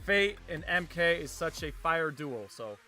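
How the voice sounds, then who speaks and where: Bright-voiced man reading super chats. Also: fairly high pitch, animated, unhurried, soft background music. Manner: reads viewer messages. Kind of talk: casual live-stream chat.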